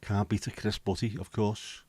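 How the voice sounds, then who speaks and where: Chatty man, low voice. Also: flat delivery, normal speed, mellow, husky, no echo. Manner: chatty, swears casually, banters with viewers. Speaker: livestream host. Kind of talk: casual chat reading viewer comments.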